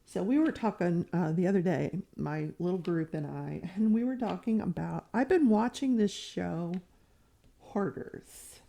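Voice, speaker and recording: Unhurried and on the low side, her voice is warm with some vocal fry. The woman is a crafting vlogger making a diamond painting, chatting in a rambling way and poking fun at herself.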